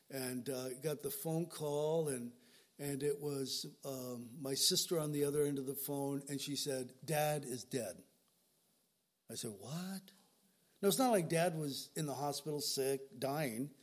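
Older male pastor, earnest storytelling sermon, voice on the higher side. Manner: earnest, storytelling, repeats words when moved.

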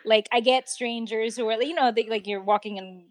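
A woman's voice: on the high side, normal speed, dry recording. Laughing New York woman, dry mic. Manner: laughs often, animated and teasing. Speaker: podcast co-host. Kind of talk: casual chat.

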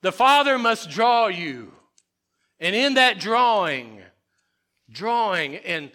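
Male preacher, church service sermon, fairly high voice, unhurried, emphatic repetition. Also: big pitch swings. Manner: emphatic, repetitive preaching with swings from loud to hushed. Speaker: pastor.

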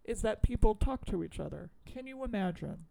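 A woman's voice: medium pitch, expressive, a little fast, gravelly, dark tone. A woman co-hosting a casual chat, retelling a movie scene by scene with quoted lines and laughter. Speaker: podcast co-host.

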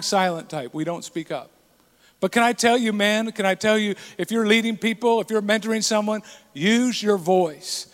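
High-voiced man preaching in a reverberant hall. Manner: earnest, emphatic preaching with acted quotes. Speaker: pastor. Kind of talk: sermon.

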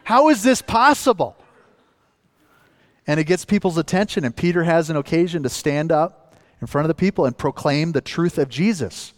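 Guy from northern minnesota preaching, kinda high voice, earnest, punches the big points, long echo in the hall. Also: brisk, darkish tone. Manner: earnest preaching, rising with emphasis on key points. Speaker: pastor. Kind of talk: sermon.

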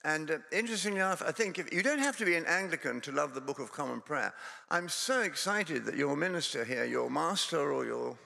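A man's voice: a little high, animated, brisk, creaky, sharp tone, big-room sound. A Scottish man preaching a sermon in a church, conversational and self-deprecating, with digressions and humorous storytelling. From Scotland.

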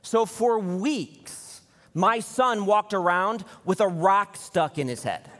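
Pastor guy preaching, high voice, big echoey church hall, tells stories and does the voices. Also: takes it slowly. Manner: animated storytelling, acts out quoted voices. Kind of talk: sermon. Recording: long hall reverb.

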